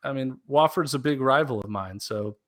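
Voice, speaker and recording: A man co-hosting a casual sports podcast, talking through his picks in a relaxed way with plenty of fillers. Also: mid-range voice, moderate pace. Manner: relaxed, thinks aloud with fillers. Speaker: podcast co-host.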